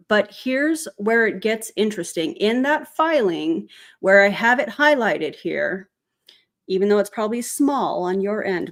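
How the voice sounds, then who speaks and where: Chatty woman with a twang. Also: medium pitch. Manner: chatty, sarcastic asides, frequent self-corrections. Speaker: commentary channel host. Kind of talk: casual commentary vlog.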